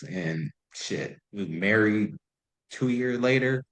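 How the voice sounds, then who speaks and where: A man's voice: lowish voice, lively intonation, unhurried, a bit bright, poor audio. A man in his thirties, a podcast guest, telling stories in loose, profane casual chat full of "like". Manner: loose and profane, heavy use of "like".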